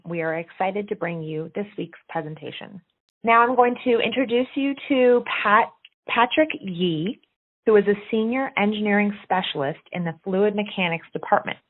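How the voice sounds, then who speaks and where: A woman hosts an online STEM talk and introduces the speaker in an upbeat, enthusiastic way. Her voice sits slightly low. The sound comes over a thin, phone-like call line. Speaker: host of an online STEM series. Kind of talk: scripted introduction. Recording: tinny phone-like video call audio.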